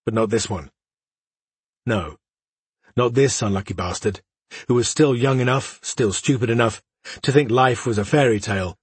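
A man reads a dark fantasy tale aloud in a measured, dramatic way, often sinking into hushed tones. His voice is strongly husky and mid-pitched, and the recording is dry and close. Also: no room sound. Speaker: narrator. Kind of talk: audiobook narration of a fantasy story.

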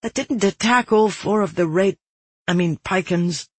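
A man's voice: high voice, unhurried, breathy edge, no room sound, voice pushed up. A man voicing a grieving, defiant young woman in an audiobook, with an earnest, emphatic delivery. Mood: urgent. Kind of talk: audiobook narration.

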